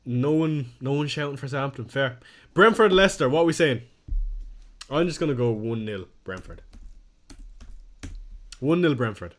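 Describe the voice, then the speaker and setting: Young man, mid pitch, chatty, reads chat aloud. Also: animated, normal speed, pauses often, a bit bright. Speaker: fantasy football streamer. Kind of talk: casual live-stream chat reading viewer comments.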